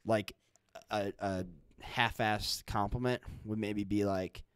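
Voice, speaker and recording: Deadpan young man, low dry voice. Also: slow pace, clear, resonant tone, no echo. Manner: deadpan mock-bragging, swearing freely. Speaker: podcast host. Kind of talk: casual chat.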